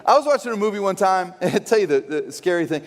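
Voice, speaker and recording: A man preaching a sermon as pastor, an animated, joking storyteller who acts out quotes. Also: high voice, fast. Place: church sanctuary. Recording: long church hall reverb.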